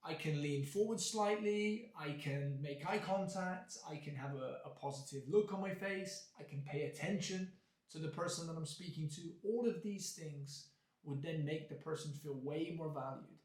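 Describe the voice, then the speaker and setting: A man teaching an English lesson, explaining clearly and acting out examples with exaggerated intonation. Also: a little high, normal speed, a little mellow. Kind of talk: video lesson. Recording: echoey room.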